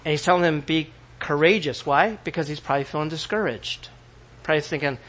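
A man preaching a sermon, animated, acting out scripture scenes with bursts of shouting. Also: on the high side, brisk. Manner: animated, acts out biblical quotes with sudden shouts. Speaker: pastor.

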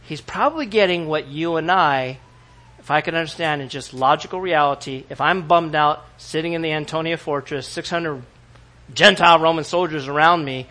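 A man preaching a sermon as pastor, in an animated way, asking the congregation questions and acting out the voices of the people he quotes. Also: a little high, normal speed.

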